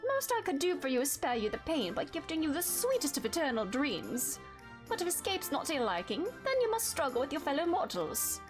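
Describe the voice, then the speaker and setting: A woman's voice: high-pitched, big pitch swings, fairly quick, over music. A woman voicing a haughty, teasing fey sovereign in a game, with theatrical, affectionate scolding. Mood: wistful.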